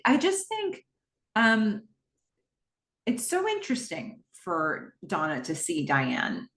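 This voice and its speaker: Woman podcast host, fairly low voice, casual scene-by-scene recap, echoey room. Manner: walks through scenes in present tense, with frequent "um"s.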